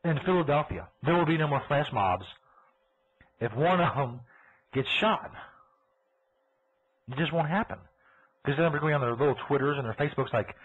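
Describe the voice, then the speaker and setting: Husky-voiced man ranting on a podcast. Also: a little high, animated, a little fast, long pauses. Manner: crude, ranting, sarcastic. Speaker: podcast host. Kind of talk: profane live podcast rant. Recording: tinny phone-like audio.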